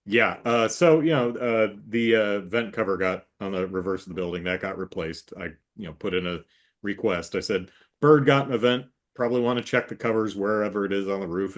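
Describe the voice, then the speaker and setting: A man hosting a casual chat with his sister, telling a rambling story and acting out the voices in it. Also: sits low. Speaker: host.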